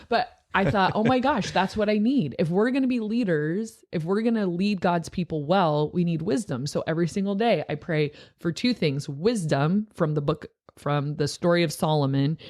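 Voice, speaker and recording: A woman's voice: low voice, darkish tone. A young woman who is a youth pastor, talking casually and earnestly on a podcast, with many filler words.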